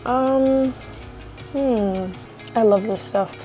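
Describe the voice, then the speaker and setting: A woman's voice: a little high, very slow, warm tone, faint music behind. A woman in her twenties chatting casually at home in a vlog, rambling with lots of likes and little laughs. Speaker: vlogger.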